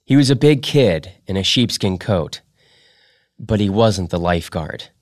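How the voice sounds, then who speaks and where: A man hosting a podcast, reading fiction aloud in a steady, measured way. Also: low voice, no room sound, studio quality. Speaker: podcast host.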